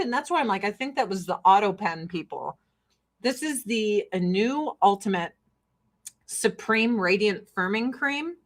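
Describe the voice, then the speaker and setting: Animated, profane American woman on livestream. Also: medium pitch. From United States. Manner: blunt and profane, laughing often. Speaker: livestream host selling skincare. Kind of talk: casual livestream rant.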